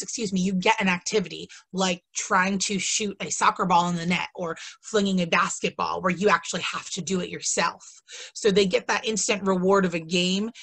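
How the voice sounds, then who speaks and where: Hiccuping throughout, a woman teacher runs a relaxed instructional webinar with eager, chatty energy, lots of ums, and side remarks. She has a mid-range voice with a sharp tone.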